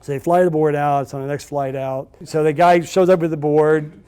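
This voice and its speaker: A man's voice: a little high, steady tone, fairly quick, mellow, clear, resonant tone. A middle-aged man giving a storytelling talk to a live audience, chatty and anecdotal with frequent fillers and restarts. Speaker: speaker at a business event.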